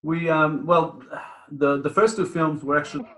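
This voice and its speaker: A young man with an Israeli accent, a guest on a casual podcast, talking in a relaxed, halting way with a dry sense of humour. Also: fairly high pitch, poor audio. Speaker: guest, indie filmmaker.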